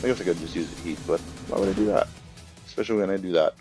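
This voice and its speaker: A young man giving rambling, casual commentary over a game, acting out the characters' lines in quick bursts. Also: sits low, over loud music. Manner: rambling, filler-heavy, acts out characters' lines. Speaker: let's play commentator.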